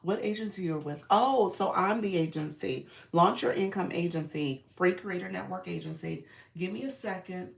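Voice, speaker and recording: A middle-aged woman hosting a casual live stream, congested and clearing her throat, chatting and laughing with her viewers. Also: lowish voice, moderate pace, echoey room, recorded from a distance. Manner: chatty, laughs often, addresses viewers as y'all. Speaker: live stream host and creator coach.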